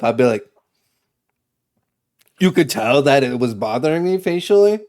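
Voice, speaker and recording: A man's voice: medium pitch, a little mellow. A young man from Massachusetts streaming live, chatting in a rambling, casual way with frequent swearing and laughter. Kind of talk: casual chat on a livestream.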